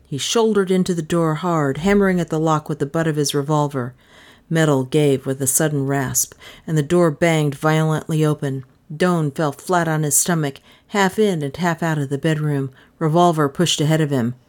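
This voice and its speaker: Female audiobook narrator, low voice, measured dramatic delivery. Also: steady tone, darkish tone. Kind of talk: scripted narration of a crime novel.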